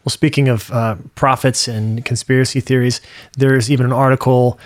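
A man's voice: medium pitch, moderate pace. A young man co-hosting a casual chat podcast, animatedly telling stories with plenty of fillers and restarts. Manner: animated storyteller, acts out quoted voices. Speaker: podcast co-host.

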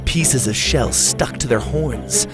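A man narrating a children's adventure story in a lively storytelling manner. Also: mid-range voice, takes it slowly, over music.

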